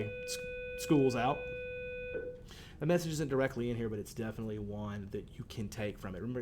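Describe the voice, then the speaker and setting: A man's voice: medium pitch, darkish tone, slight background noise. A male teacher, talking students through a poem in a conversational way, with fillers and lines read aloud. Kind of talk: recorded poetry lesson for students.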